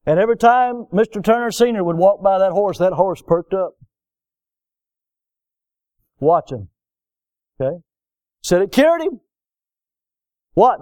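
A man preaches in a mellow, somewhat high voice, telling folksy stories as he goes. He swings between loud, driving emphasis and quieter, softer passages. The sound is dry and close. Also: big pitch swings, a little slow, pauses often, no echo. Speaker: pastor. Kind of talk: sermon.

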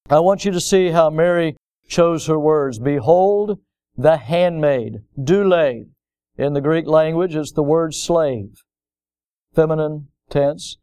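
A man's voice: fairly high pitch, slow pace, warm tone, clear, resonant tone. A middle-aged man preaching a sermon as pastor, building to emphatic, impassioned peaks.

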